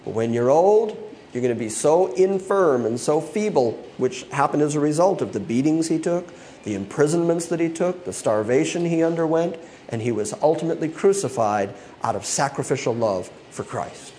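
A man's voice: fairly high pitch, lively intonation, moderate pace, warm tone, a little hiss or hum. A male pastor preaching an expository sermon, acting out quoted voices and laughing often.

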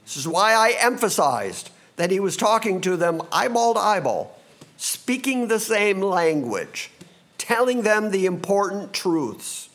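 A man preaching a sermon as a pastor, animated and expressive, sometimes acting out confused voices from the passage. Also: high voice, measured pace.

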